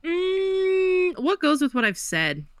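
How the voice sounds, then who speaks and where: A young woman co-hosting a podcast in casual chat, answering a word game with cheeky, deliberate jokes. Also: extremely high pitch, very animated, dry recording, clean studio sound. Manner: jokey, slow and deliberate. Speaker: podcast co-host.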